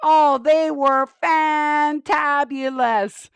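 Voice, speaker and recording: A chirpy, high penguin puppet, put on by a woman, bubbling over with jokes for a children's show. She sounds eager and pleased with herself, her voice lifting above the puppeteer's own. Her speech is unhurried. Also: fairly even intonation, no echo, exaggerated voice. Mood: bubbly. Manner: bubbly, eager joke-teller. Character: cheerful female penguin puppet, joke-loving.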